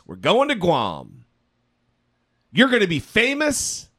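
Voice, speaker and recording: A man's voice: high voice, wildly swooping pitch, takes it slowly, fairly bright tone. A man co-hosting a political podcast, ranting sarcastically and swearing freely. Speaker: podcast co-host. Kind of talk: casual political chat.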